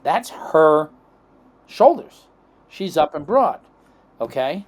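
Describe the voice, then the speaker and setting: A man's voice: on the high side, very animated, takes it slowly. A middle-aged man from the United States telling long, rambling stories as a podcast guest, acting out quoted dialogue and checking in with "okay?" and "right?". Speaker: chiropractic guest. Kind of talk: rambling anecdotal storytelling.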